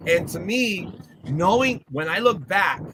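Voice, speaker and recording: An older man from Newark, New Jersey co-hosts a casual podcast, speaking bluntly and reflectively and frequently affirming his partner. His voice is high-pitched and unhurried with lively intonation, and the recording is clearly noisy.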